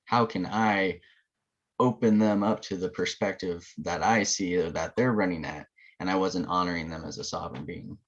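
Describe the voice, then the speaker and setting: Man podcast co-host, very low voice, reflective casual talk, dull lo-fi audio. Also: steady tone, moderate pace. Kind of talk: casual spiritual chat.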